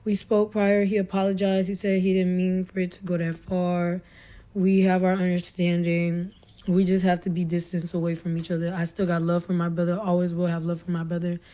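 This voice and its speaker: A woman's voice: lowish voice, completely flat delivery, fairly quick, warm tone. A young adult woman caller telling a long story in casual, rambling talk over a phone connection, filling gaps with "blah, blah".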